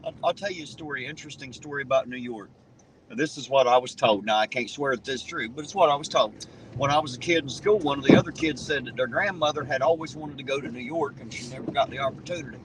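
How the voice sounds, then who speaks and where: A man's voice: medium pitch, fast. Southern man spinning folksy tall tales. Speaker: channel host. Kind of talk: casual chat, storytelling. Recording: distant mic with noisy outdoor background.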